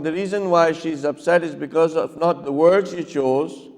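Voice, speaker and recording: A man with a rather high, slightly mellow voice and some vocal fry speaks at a moderate pace. He's a cleric delivering a lecture with audience questions, frequently checking in with listeners and acting out brief dialogues, recorded with the long reverb of a hall.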